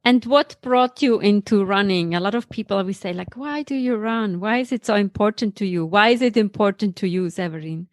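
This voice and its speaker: A woman's voice: medium pitch, fairly quick, few pauses, dry recording. A woman hosting a podcast, talking in an upbeat, motivational way and interviewing a guest. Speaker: podcast host. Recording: loud guitar music behind.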